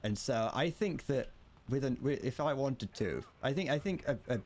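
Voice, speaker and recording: A man's voice: mid-range voice, lively intonation, normal speed, a little mellow, a little hiss or hum. A man streaming a game, chatting casually, rambling and joking with viewers and swearing freely. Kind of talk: casual gameplay commentary.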